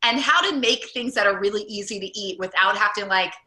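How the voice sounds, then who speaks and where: An upbeat woman coach chatting in a casual interview, her voice bright and sharp. She rushes through ideas in eager bursts, filling gaps with "like". The room around her rings with echo. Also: mid-range voice. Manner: enthusiastic, talks in quick run-on bursts with many "like"s. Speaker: weight loss program coach and host. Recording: echoey room.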